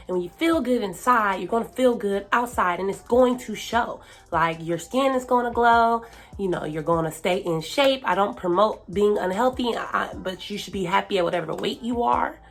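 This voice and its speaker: A woman giving casual self-help advice to camera, chatty and full of fillers. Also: mid-range voice. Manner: chatty, lots of fillers, hypes herself up.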